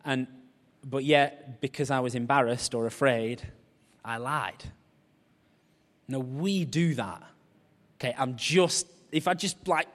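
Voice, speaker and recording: A man, preaching a humorous, story-led sermon. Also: mid-range voice. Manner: humorous storytelling, animated voices for quoted people. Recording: long reverb of a large hall.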